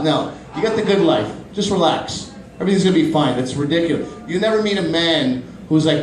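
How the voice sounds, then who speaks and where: A man in his thirties doing a stand-up comedy set in a small club, animated and quick to jump into high-pitched voices for his bits. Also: slight background noise. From Pakistani family, grew up in Canada. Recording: roomy club from a distant mic.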